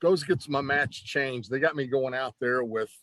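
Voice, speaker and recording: A man who is a former pro wrestler, telling stories in a casual, animated interview with lots of "you know" and restarts. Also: medium pitch, normal speed, dry recording.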